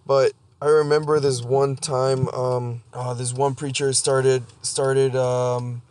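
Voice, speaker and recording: A man hosting a solo podcast monologue, blunt and profane, halting and restarting as he talks. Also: medium pitch. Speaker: podcast host.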